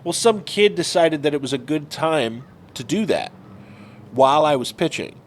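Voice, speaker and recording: A man and podcast co-host telling stories from his youth in a casual chat, turning loud and animated when he acts out other people. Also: fairly high pitch, normal speed.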